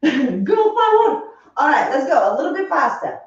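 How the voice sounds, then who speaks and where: A woman's voice: high-pitched, sing-song, moderate pace. A woman teaching a live online dance class, counting steps in a rhythmic, chatty way while dancing and sweating. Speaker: dance instructor. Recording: roomy, distant, dull live stream.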